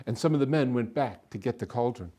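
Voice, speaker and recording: Brief: man, expressive folktale teller, lively pitch. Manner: animated, expressive, slowing for effect. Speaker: storyteller. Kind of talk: folktale storytelling performance.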